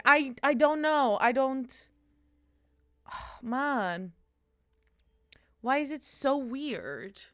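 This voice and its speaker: A woman's voice: fairly high pitch, bright, forceful tone, clean tone, no echo, clean studio sound. A young woman streamer chatting casually with her viewers, giggly and bubbly, with squealing greetings and playful cursing. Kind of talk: casual livestream chat with viewers.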